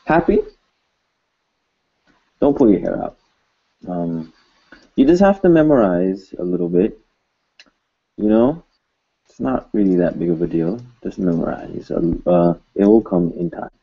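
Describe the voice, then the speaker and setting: A man teaching a video lesson in a slow, unhurried way, with a lowish voice. He repeats words patiently and slips in dry jokes. The sound is a little dull and lo-fi. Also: very animated, gravelly, husky. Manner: patient, joking asides, repeats words slowly. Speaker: language teacher.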